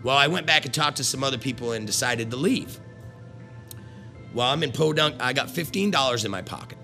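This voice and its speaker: Middle-aged guy swearing nonstop while he tells a story, bright edge to the voice, rambles and restarts a lot. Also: medium pitch, animated, fairly quick, creaky, soft background music. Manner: profane, blunt, swears constantly. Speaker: former carnival worker. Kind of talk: casual storytelling.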